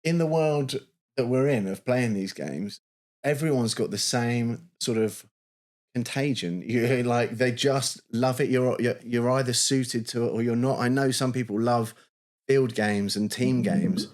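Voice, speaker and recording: A man's voice: medium pitch, measured pace, darkish tone. A man co-hosting a podcast, talking casually and enthusiastically, often restarting and repeating words. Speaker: podcast co-host. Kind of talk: casual chat.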